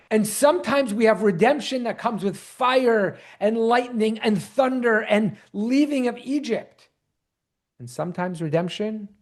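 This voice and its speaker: Rabbi guy teaching scripture online, fairly high voice, keeps asking the audience questions. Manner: animated, quizzes the audience. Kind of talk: online Bible class.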